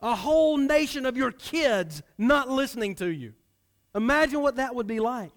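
A man's fairly high voice carries a Sunday sermon. He talks as a pastor to his congregation, pressing some lines loudly and sinking others into a low, quiet murmur. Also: normal speed. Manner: animated, swings from loud emphasis to hushed low delivery.

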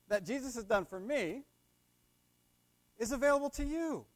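A young man giving a sermon, often checking in with the congregation by asking "right?" and leading them in call and response. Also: very high-pitched. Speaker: lay preacher.

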